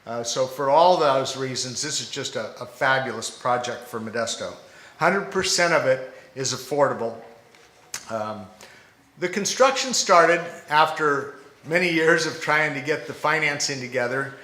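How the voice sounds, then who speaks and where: 시장으로서 울림 있는 공간에서 머뭇거리며 연설하는 남자. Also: male voice, medium pitch, pushed and bright. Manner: halting, many fillers. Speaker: mayor. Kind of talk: ceremony speech. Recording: echoey public space.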